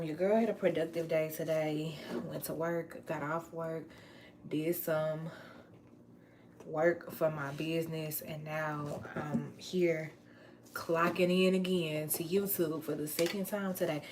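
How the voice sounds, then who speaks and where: Woman, low voice, casual livestream chat, easygoing home kitchen feel. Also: flat delivery, a little mellow, slight background noise. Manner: chatty, playful, drawn-out words, Southern US slang. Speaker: vlogger.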